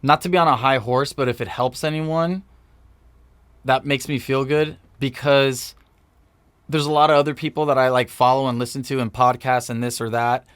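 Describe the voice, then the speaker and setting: Man, 30s, mid-pitched voice, dry close sound, casual reflective co-host. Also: fairly even intonation, normal speed, fairly bright tone, clear, resonant tone, dry recording. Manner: easygoing and reflective, with fillers and restarts. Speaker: podcast co-host. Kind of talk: casual podcast chat.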